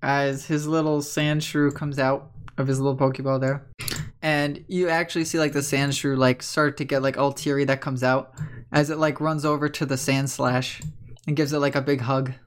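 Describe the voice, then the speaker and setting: A woman's voice: very deep voice, level tone, moderate pace. A woman narrating a tabletop game as game master, rambling with lots of fillers. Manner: rambling, filler-heavy storytelling.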